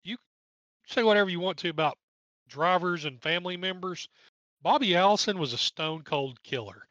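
The speaker is a podcast co-host with an East Tennessee accent whose high, slightly bright voice has lively intonation and a moderate pace. He walks through an old race recap in a chatty, wry way, joking between the driver lists, and the lo-fi sound has no echo.

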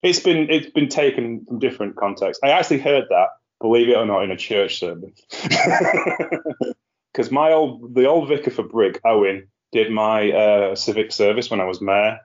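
A man's voice: fairly low pitch, normal speed. A man hosting a casual podcast, chatty and rambling, often laughing at his own jokes. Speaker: podcast host. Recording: lo-fi muffled sound.

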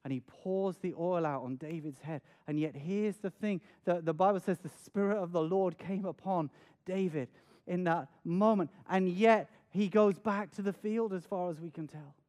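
A man's voice: high-pitched, normal speed, darkish tone. A man preaching a sermon, earnest and dramatic, often repeating words as he stresses a point. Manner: dramatic, acts out scenes with raised voice.

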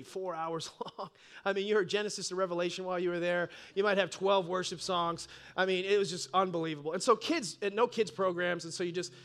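A man in his fifties, a pastor telling a lively sermon story with excited bursts and laughs. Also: sits high. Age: 50s. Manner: animated, bursts of excited laughter and loud peaks. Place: church.

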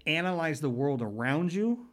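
A man's voice: fairly high pitch, animated, normal speed. Rambling, earnest man telling a story. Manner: rambling, restarts sentences, earnest. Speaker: paranormal investigator guest. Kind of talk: casual storytelling interview.

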